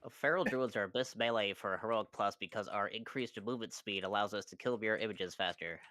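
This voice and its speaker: A man's voice: fairly low pitch, brisk, pushed and bright, dry recording. A young man talking to friends over voice chat during a game, laid-back and swearing casually. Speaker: teammate on voice chat.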